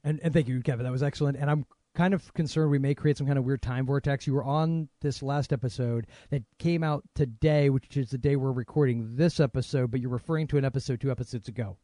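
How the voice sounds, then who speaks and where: A man's voice: medium pitch, steady tone, fast talker, mellow, dry recording, clean studio sound. A man hosting a film podcast in casual chat, joking around and teasing callers. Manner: playful, breaks into joking song snippets. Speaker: podcast host.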